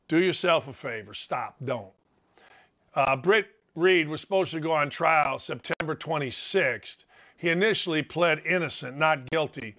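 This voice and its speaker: A man hosting a sports talk show, delivering an opinionated monologue with brash, emphatic outbursts and quieter, earnest stretches. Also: fairly high pitch. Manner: brash, emphatic, bursts into loud exclamations; turns quiet and earnest on serious subjects.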